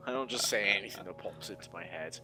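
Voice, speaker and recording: A man's voice: fairly low pitch, bright, forceful tone. A young man co-hosting a casual podcast chat, rambling and laughing often as he blurts out whatever comes to mind. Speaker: podcast co-host.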